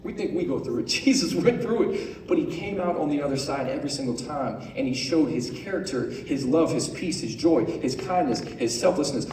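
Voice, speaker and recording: A man's voice: medium pitch, animated, dark tone, a little hiss or hum. Man preaching to a youth group. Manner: conversational, keeps asking "right?", quotes scripture slowly. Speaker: youth pastor. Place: large room on stage. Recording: echoey room, voice from far off.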